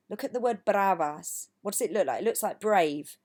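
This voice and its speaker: Woman teacher, recorded lesson, patient, encouraging, mid-pitched. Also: lively intonation, normal speed, darkish tone. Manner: patient, encouraging, models words for repetition. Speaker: language teacher.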